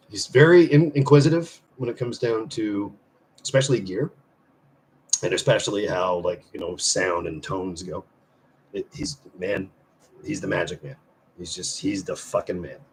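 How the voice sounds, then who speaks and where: A man hosting a casual live stream and chatting loosely with viewers. He swears freely, rambles with restarts, and swings between loud bursts and mumbled asides. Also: sits low, slight background noise. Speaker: livestream host; semi-retired musician.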